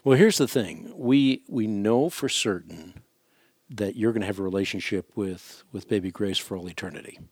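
A man's voice: on the low side, moderate pace, a little mellow, breathy edge, no room sound, clean studio sound. A male radio host giving earnest, reassuring religious advice to a caller.

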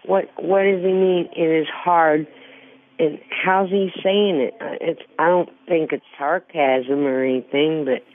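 A woman's voice: sits low, fairly even intonation. Earnest woman calling in over a tinny phone. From rural Illinois. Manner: earnest, halting, repeats herself. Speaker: caller. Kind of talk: call-in radio question.

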